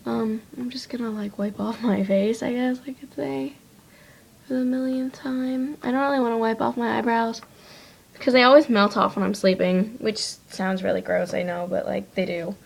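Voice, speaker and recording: A woman's voice: fairly high pitch, fairly even intonation, moderate pace, vocal fry. A teenage girl chatting casually to her webcam while wiping off her makeup, rambling with lots of likes and ums. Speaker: vlogger. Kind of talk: casual chat to camera.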